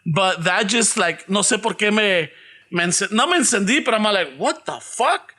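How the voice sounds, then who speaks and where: Brief: Mexican-American man, high bright voice, animated bilingual podcast talk. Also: normal speed. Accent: Mexican-American English. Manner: animated, swears and mixes Spanish. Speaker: podcast guest. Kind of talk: casual chat.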